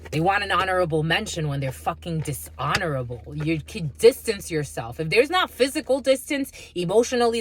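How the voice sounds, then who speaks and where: A woman's voice: fairly low pitch, husky. A woman giving a tarot reading, blunt and mocking, swearing freely as she talks to her viewers. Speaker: tarot reader. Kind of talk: spiritual reading with profanity.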